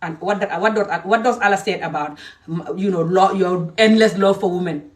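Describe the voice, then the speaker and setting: A woman from Gambia delivers a heated direct-to-camera rant. She is emphatic and fiery, jumping between loud outbursts and low, muttered asides. Her voice sits a little away from the mic. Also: normal speed, far from the mic. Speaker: social media creator.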